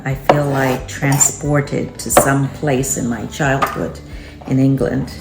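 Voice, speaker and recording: Chopping away in her home kitchen, a vlog host keeps up a chatty, reflective talk with herself in a low voice marked by vocal fry. The cooking chat is casual, recorded in an echoey room over background music.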